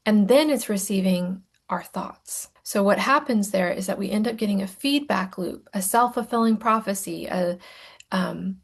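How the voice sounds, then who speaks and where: A woman coaching through a recorded lesson on emotions, talking in a playful, self-mocking way and now and then dropping to a soft whisper for emphasis. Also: medium pitch, moderate pace, gravelly, breathy edge.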